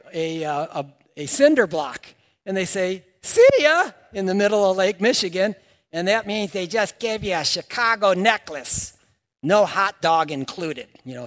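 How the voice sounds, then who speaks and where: A man preaching a sermon to his congregation in an animated, joking way, asking them questions. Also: high voice. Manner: animated, jokey, asks the congregation. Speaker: pastor. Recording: long reverb of a church hall.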